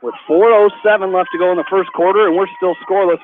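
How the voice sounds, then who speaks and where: A man with a high voice calls football play-by-play for local radio, narrating every snap and yard. His delivery climbs fast when a play breaks open. The broadcast sounds narrow and phone-like, with soft hiss behind it. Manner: rapid, rising excitement on big plays. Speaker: play-by-play announcer.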